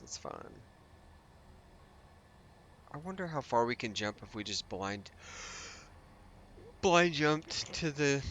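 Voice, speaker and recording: Bright-voiced man narrating his gameplay. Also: medium pitch, slight background noise. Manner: thinking aloud, rambling with restarts and asides. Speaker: let's play host. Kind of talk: casual gameplay commentary.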